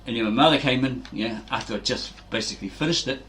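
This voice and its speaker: A man hosts a fitness channel, delivering a casual motivational monologue full of rambling anecdotes and frequent "right?" check-ins. His mid-range voice is a bit bright, he talks fast, and there's a little hiss or hum in the recording.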